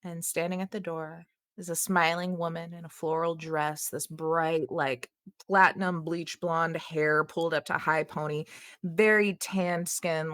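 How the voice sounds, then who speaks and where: A woman's voice: low-pitched, fairly even intonation, unhurried, a bit bright. A woman running a tabletop game as game master, describing scenes in a laid-back way.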